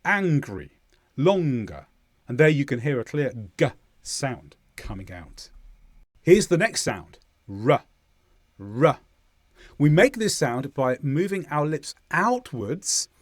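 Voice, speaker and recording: A man from southern England with a Southern English accent, teaching English pronunciation and exaggerating each sound slowly as he demonstrates it. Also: on the high side, very animated, no echo, studio quality. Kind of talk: pronunciation lesson.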